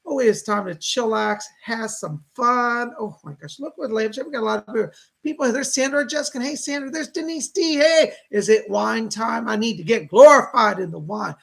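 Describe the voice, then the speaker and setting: Gravelly, husky fifty-something guy chatting away to his livestream viewers, greeting everyone. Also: very high-pitched, moderate pace, fairly bright tone. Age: 50s. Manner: chatty, greets viewers by name, talks to a puppet. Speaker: psychic livestream host. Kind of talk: casual livestream chat.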